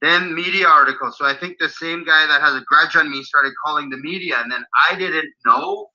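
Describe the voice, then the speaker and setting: A man with a slightly high, very bright and sharp voice tells his story in a loose, animated way. He is blunt and swears freely. The audio sounds dull and lo-fi. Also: fairly quick. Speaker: guest recounting a personal story. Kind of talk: casual storytelling.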